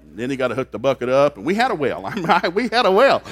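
A man preaching to a church congregation with a folksy, joking delivery. His pitch sits in the middle range. He drops into quiet asides and then builds to loud, excited outbursts. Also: very fast, few pauses. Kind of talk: comedic sermon. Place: church service.

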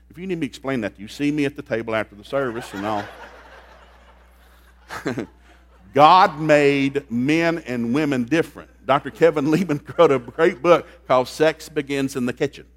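A man preaching a sermon in a folksy, joking way, dropping into low asides and then rising into loud outbursts. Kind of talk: comedic sermon. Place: church service.

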